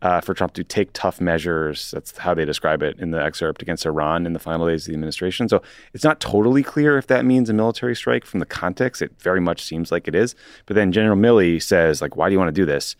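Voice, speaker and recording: A man's voice: low voice, fast, no echo. A man co-hosting a political podcast in casual chat, dry and wry, reading excerpts aloud with short asides. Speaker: podcast co-host.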